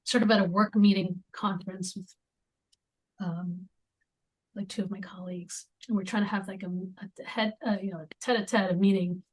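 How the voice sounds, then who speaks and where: A woman talks as a guest in a relaxed interview. Her voice sits at an ordinary middle pitch. Her speech comes in halting stretches full of ums and restarts, and sometimes it sinks to near-whispers. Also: husky. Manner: halting, with many fillers and restarts; drops into near-whispers at times. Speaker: podcast guest. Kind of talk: conversational interview.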